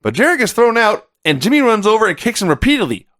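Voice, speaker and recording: A middle-aged man co-hosting a casual podcast, his voice sitting a little high and swinging widely as he tells stories. He talks in an animated way with sarcastic asides. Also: fast talker. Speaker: podcast co-host. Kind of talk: casual wrestling review chat.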